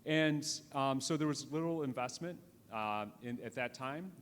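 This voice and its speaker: A man's voice: mid-range voice, unhurried. A man giving a live conference lecture in a conversational way, with frequent restarts and "right?" tag questions. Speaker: conference speaker. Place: conference hall. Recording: reverberant hall with faint noise.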